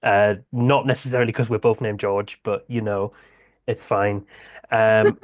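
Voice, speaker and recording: A man talking as a podcast guest, hesitant and filling pauses with ums. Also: lowish voice, fairly even intonation, no echo. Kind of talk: casual chat.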